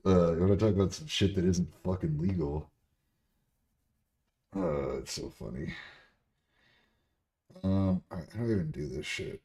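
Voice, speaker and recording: A man streaming casually as a bodybuilder answering chat, blunt and profane, laughing and getting louder when riled up. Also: sits low, moderate pace, pauses often.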